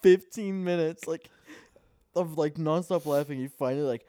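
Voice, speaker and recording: A man's voice: a little high, normal speed, dark tone, no room sound, studio quality. A young man co-hosting a podcast in casual chat, laid-back and tossing in joking asides. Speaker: podcast co-host.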